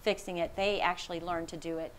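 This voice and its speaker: A woman's voice: on the low side, flat delivery, fairly quick, a little hiss or hum, rough recording. Woman giving an anecdotal conference talk. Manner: warm anecdotal, laughs often, quoting others. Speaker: speaker, researcher on empathy. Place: conference room.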